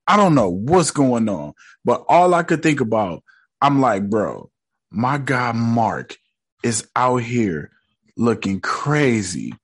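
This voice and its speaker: A man casually recapping a TV episode in slangy, joking talk, mockingly quoting the characters. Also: mid-range voice. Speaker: show recap host.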